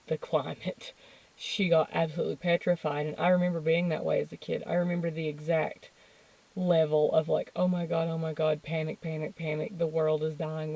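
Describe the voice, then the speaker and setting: A candid woman in her thirties tells personal stories in a low voice, laughing and cursing openly as she goes. The close mic leaves the sound dry, with no room echo. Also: mellow. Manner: candid and emotional, laughs and swears freely. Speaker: podcast host. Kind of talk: personal storytelling monologue.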